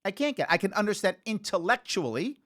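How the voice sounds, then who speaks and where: A man's voice: high voice, big pitch swings, quick pace, fairly bright tone. A man in his forties from the Bronx, hosting a call-in talk show and telling stories in a conversational, thinking-aloud way. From the Bronx, New York.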